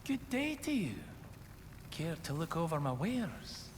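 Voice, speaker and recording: A man's voice: sing-song, unhurried. An actor playing a cynical, intelligent male dregling merchant in a video game, speaking in a wry, theatrical way with a noticeable accent. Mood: welcoming. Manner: wry and theatrical, with sweeping pitch. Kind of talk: video game character dialogue. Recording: game audio with long reverb and faint ambience.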